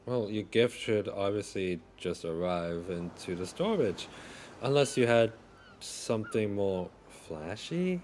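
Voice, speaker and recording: A man's voice: fairly low pitch, lively intonation, slow, darkish tone, faint music behind. A man narrating as game master in a tabletop game, casual and full of "like" fillers.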